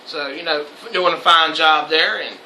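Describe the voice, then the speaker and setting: A man's voice: a little high, fairly even intonation, moderate pace, sharp tone, slight background noise. A young man hosting a casual chat show, loose and profane and laughing often. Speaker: host. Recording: echoey room.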